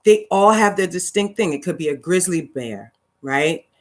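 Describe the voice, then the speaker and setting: A woman's voice: on the low side, lively intonation, moderate pace. A woman acting coach teaching a live-streamed class in a chatty, rambling way, with many fillers and restarts. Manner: greets viewers by name mid-lesson.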